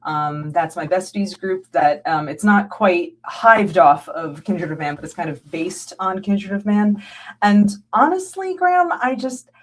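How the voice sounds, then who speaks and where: An American guest scholar speaks in a medium-pitched, slightly slow voice during a conversational interview. She talks animatedly, laughs often, and acts out what people say to her.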